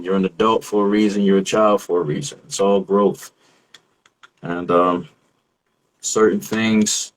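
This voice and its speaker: A man on a casual discussion show who talks in a reflective, measured way and searches for his words. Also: fairly low pitch, rough recording.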